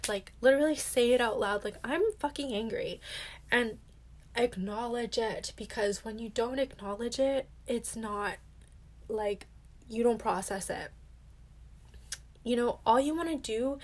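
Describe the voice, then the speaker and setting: A young adult woman hosting a self-help podcast, talking candidly and casually, filling her speech with "like" and swearing now and then. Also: fairly high pitch. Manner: chatty, heavy use of "like", candid and swears casually. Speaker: podcast host.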